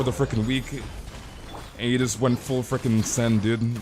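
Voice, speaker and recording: A man's voice: mid-range voice, flat delivery, moderate pace, music in the background. A young man streaming a game and chatting casually with viewers, rambling and tossing in "dude" and amused exclamations. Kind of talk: casual live-stream chat.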